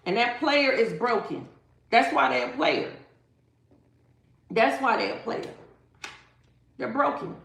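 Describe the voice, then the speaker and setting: A woman's voice: fairly high pitch, very animated, takes it slowly, vocal fry, pauses often, a bit bright, reverberant. A woman giving a live-stream tarot reading, talking emphatically and dramatically straight to her viewers. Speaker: tarot reader.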